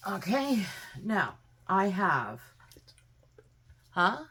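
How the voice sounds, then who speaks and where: A woman's voice: low voice, animated, slow pace. A woman at home in her kitchen, giving a chatty, homey step-by-step cooking demonstration with plenty of fillers. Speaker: home cook vlogger.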